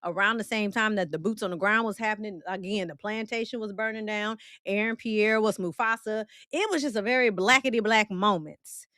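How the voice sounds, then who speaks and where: A woman's voice: medium pitch, fairly quick, hardly any pauses, pushed and bright, no room sound, clean studio sound. A woman with a Midwestern country accent hosting a casual livestream, chatty and playful as she reacts to viewer comments. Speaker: livestream host.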